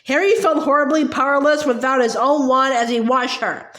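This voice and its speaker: A woman narrating an audiobook in a steady, lightly expressive storytelling manner, with small slips, in an indoor room. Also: sits high, normal speed. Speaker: audiobook reader. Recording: roomy echo.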